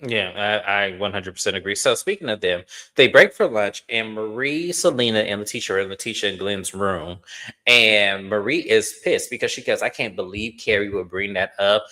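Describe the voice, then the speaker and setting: A man with a bright, forceful voice recaps a reality TV reunion. He tells it in an animated, gossipy way, mixing plain commentary with louder acted-out quotes. His delivery is loose and conversational. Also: fairly low pitch, normal speed. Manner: acts out quoted cast members in a raised voice.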